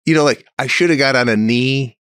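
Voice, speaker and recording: A middle-aged man co-hosting a comedy podcast, telling stories in a deadpan way and firing off incredulous questions. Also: medium pitch, smooth, dry recording, studio quality. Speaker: podcast co-host. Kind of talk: casual comedic chat.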